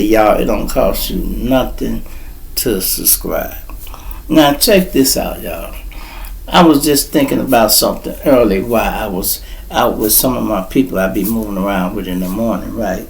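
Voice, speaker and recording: Gravelly man telling stories. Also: rough recording. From Chicago. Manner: profane, animated storytelling, gets loud and high when excited. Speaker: vlog host. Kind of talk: casual storytelling monologue.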